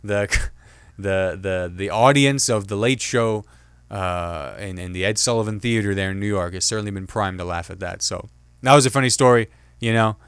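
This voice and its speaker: A man hosting his own comedy commentary show, talking casually and jokingly, slipping into quick impressions of other people. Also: on the low side, a bit bright, clear, resonant tone, no room sound, clean studio sound. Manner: chatty, jokey, mimics others in quick asides. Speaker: podcast host and comedian.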